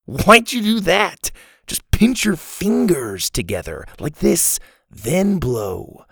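A man's voice: fairly high pitch, sing-song, takes it slowly, gravelly, fairly bright tone, breathy edge, pitched above the performer's own voice, heavily acted. A man doing a patient, encouraging boy. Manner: patient, instructive.

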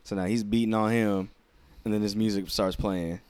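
A man's voice: fairly low pitch, moderate pace, a little hiss or hum. A man casually recapping wrestling matches on a podcast, telling it as a story and acting out the lines, with some swearing. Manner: animated storyteller, acts out quotes, swears. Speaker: podcast co-host.

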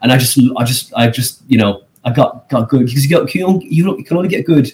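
An Irish man, a comedian and guest, telling rambling, animated stories in a casual podcast interview. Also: quick pace. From Ireland. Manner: animated, rambling storyteller with pitch leaps.

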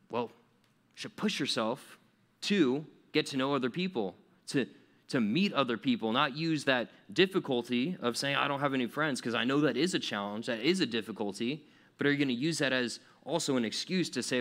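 A man's voice: mid-range voice, moderate pace, fairly bright tone. A young man giving a casual, conversational sermon to teenagers as a youth pastor, acting out grumbling quotes with fillers and restarts. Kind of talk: sermon to teens.

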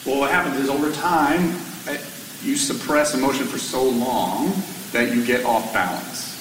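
Firefighter guy telling his story on stage, gets worked up and loud, far off mic in an echoey hall. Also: mid-range voice, normal speed, slight background noise. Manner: animated, rising to near-shouting when exasperated. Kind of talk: storytelling talk to an audience.

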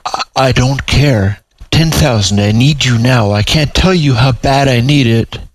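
A man's voice: mid-range voice, unhurried, no room sound, pitched above the performer's own voice, lightly acted. A man doing a stammering, pleading dog-creature.

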